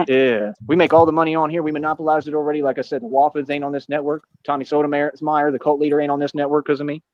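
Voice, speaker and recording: A man rattles off a boastful, defiant monologue at a rapid clip, his voice pitched a bit high. The sound is dull and muffled, with a dry, close feel. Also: little pitch movement, dry recording. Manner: boastful, defiant, rapid slang-filled talk. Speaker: streamer in a played clip.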